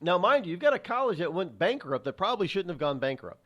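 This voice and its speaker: A male talk radio host riffs through a solo opinion segment, his voice sitting a little high and swinging widely up and down. He talks with a sarcastic edge, stumbling into restarts and repeated words as he goes. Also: big pitch swings, quick pace, fairly bright tone, dull audio. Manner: sarcastic, rambling with frequent restarts.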